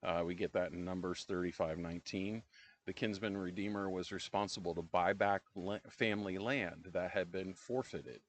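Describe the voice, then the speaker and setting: Very low-voiced middle-aged man leading Bible study. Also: a little hiss or hum. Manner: relaxed and conversational, with frequent "um" pauses. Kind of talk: casual Bible-study discussion.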